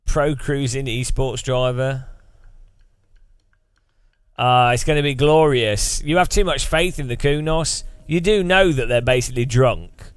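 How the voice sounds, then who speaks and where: Streamer, man, loose joking ramble; crisp tone, slow delivery. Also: medium pitch, dry recording, clean studio sound. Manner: rambling, joking, laughs often. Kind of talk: casual live-stream chat.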